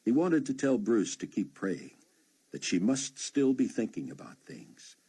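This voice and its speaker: A man narrating an unabridged audiobook in a steady storytelling manner. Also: medium pitch, measured pace, husky. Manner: steady storytelling with many voiced characters.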